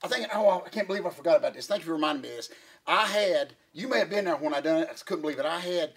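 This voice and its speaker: A man's voice: a little high, lively intonation, very fast, a bit bright. A man co-hosting a podcast in casual chat, telling rambling folksy stories and sounding out of breath. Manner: rambling folksy storytelling, calls partner "boy". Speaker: podcast co-host.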